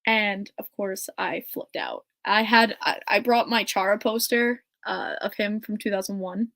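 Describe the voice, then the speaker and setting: A woman hosting her own podcast in casual, excited chat, gushing and laughing often. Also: medium pitch, measured pace, creaky. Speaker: podcast host.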